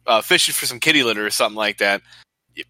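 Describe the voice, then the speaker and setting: A young man co-hosting a podcast, animated and crude, swearing freely in casual banter. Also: on the low side, racing, no room sound. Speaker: podcast co-host.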